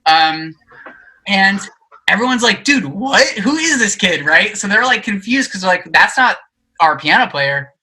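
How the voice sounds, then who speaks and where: Bright, animated young man telling a story. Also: high-pitched, unhurried, husky, rough recording. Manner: animated storyteller, acts out quoted voices, many fillers. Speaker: podcast guest, musician. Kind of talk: casual chat, storytelling.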